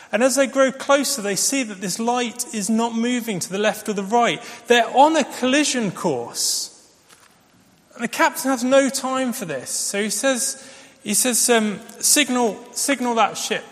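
A man's voice: high-pitched, fairly bright tone. A man preaching a sermon, telling stories in a conversational way with fillers. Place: church. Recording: long reverb of a large church.

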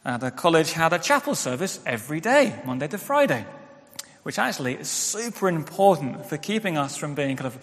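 A young man preaches in a frank, conversational way, owning up to his own faults as he goes. His slightly high voice swings widely in pitch. The sound carries a long reverb from the church hall. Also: very animated, brisk. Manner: candid, conversational preaching with self-deprecating asides. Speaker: pastor. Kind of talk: sermon.

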